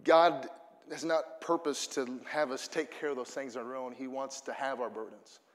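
A man's voice: mid-range voice, fairly even intonation, moderate pace, in a large hall. A man preaching a sermon to his congregation, earnest and building to fervent emphasis. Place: church auditorium.

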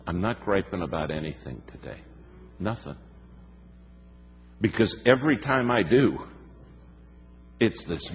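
A man preaching a sermon in a folksy, emphatic way, telling stories and slowing down to stress his points. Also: low-pitched, in a large hall. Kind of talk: sermon with storytelling.

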